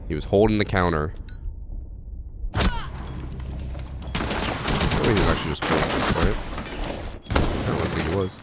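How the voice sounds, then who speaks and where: A man's voice: sits low, unhurried, pauses often. A man chatting casually on a headset mic while streaming a game from home, rambling and swearing now and then. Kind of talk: casual gaming stream chat. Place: home gaming setup. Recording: game gunfire noise behind voice.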